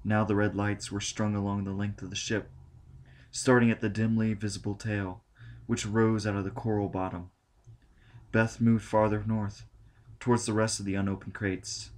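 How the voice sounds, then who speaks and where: Low-voiced male audiobook narrator. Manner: steady, measured reading. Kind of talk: scripted narration.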